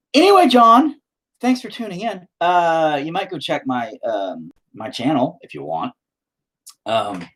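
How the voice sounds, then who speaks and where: Lively, self-mocking man painting on stream. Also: mid-range voice, poor audio. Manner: rambling, self-mocking, swears often. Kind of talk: casual live-stream chat.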